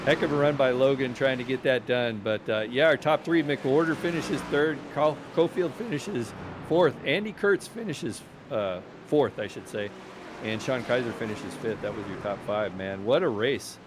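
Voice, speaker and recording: A man doing lively play-by-play commentary for an online truck race. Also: medium pitch, moderate pace, background noise. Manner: excited, rising when the action heats up. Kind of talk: sim racing play-by-play commentary.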